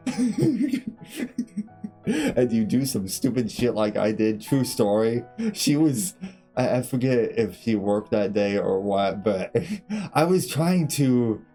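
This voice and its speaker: A man's voice: on the low side, lively intonation, unhurried, warm tone, faint music behind. A man streaming a game, telling candid, profane stories from his childhood and laughing through them. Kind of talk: casual storytelling between game segments.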